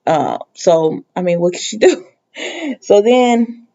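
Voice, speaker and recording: A woman's voice: on the low side, animated, slow pace, dark tone, muffled recording. A woman hosting a casual TV episode recap, talking in a rambling way with lots of ums and restarts, plus the odd exasperated aside. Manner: conversational, sometimes exasperated asides. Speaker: TV recap host.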